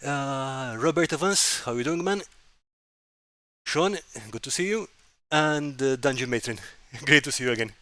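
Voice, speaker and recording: A man hosting a casual livestream chat, easygoing and quick to laugh. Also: medium pitch, sharp tone, no echo. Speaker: livestream host.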